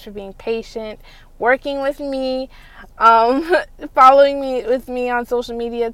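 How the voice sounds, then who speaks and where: Chatty higher-voiced woman podcaster. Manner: chatty, rambling and enthusiastic. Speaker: podcast host. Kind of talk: casual anime news roundup.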